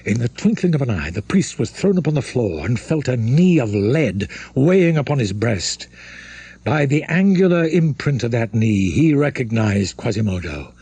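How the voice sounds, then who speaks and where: A man narrating a classic novel in a dramatic, measured storytelling manner. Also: medium pitch, a little mellow, slightly rough, no echo. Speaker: audiobook narrator.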